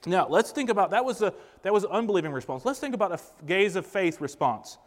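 A man's voice: sits high, animated, fast. A man preaching a sermon, speaking emphatically and posing rhetorical questions to the congregation. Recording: long reverb of a large hall.

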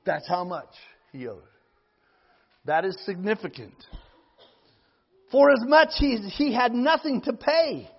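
A man preaching a sermon, reading scripture slowly and rising to loud, emphatic appeals to the congregation. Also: sits high, very animated, creaky, breathy edge, big-room sound, dull audio.

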